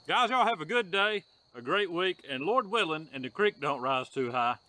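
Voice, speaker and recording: A man's voice: a little high, lively intonation, moderate pace, sharp tone. A man hosting a casual outdoor cooking vlog, talking in a folksy, drawling way and saying y'all a lot. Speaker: homestead vlogger. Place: outdoors on a rural homestead.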